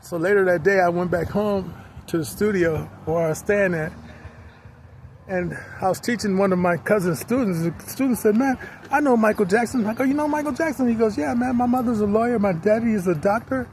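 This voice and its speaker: High-voiced man telling a street-side story. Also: fairly quick. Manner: lively, acts out other people's voices in quotes. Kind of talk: casual anecdote telling. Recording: outdoor street noise with passing vehicles.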